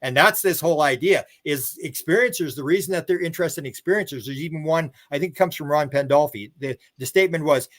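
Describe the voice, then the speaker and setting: A man's voice: fairly high pitch, quick pace, few pauses, a bit bright. An older man, a guest author and researcher, telling long rambling stories in a casual interview. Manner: rambling storyteller who acts out other people's words.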